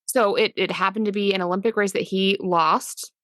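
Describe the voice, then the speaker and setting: A woman's voice: medium pitch, fairly even intonation, moderate pace, a bit bright, no room sound, clean studio sound. A woman co-hosting a podcast, recalling scenes with some hesitation in casual chat. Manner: hesitant, searching for words. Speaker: podcast co-host. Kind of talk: casual movie discussion.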